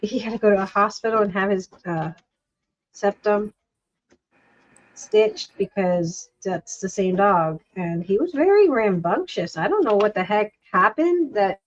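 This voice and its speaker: A woman's voice: medium pitch, big pitch swings, a little slow, highs cut off. A woman hosting a casual craft livestream, chatting and rambling as she works, often breaking off mid-sentence. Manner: chatty, rambling, self-interrupting.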